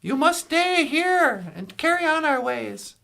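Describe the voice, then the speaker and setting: A stern old grandfather hands down his decisions in a solemn, commanding way, put on by a woman telling a joke. The voice sits high and carries a gravelly fry. It is told casually, like a story in a joke. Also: big pitch swings, slow, pushed and bright, heavily acted.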